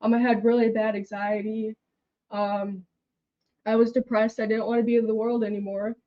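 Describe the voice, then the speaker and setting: A young woman, an interview guest, telling her own story in plain, earnest words that often trail off softly. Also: a little high, flat delivery, normal speed, highs cut off.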